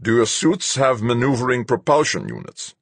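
A man voicing a bleak, somber male commander speaking slowly and ominously. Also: mid-range voice, huge pitch swings, creaky, breathy edge, no echo, voice pushed up, heavily acted.

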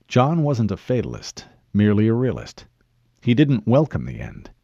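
This audiobook narrator is a man whose voice sits on the low side, and he tells the story with measured expression. The recording is dry, with the treble rolled off.

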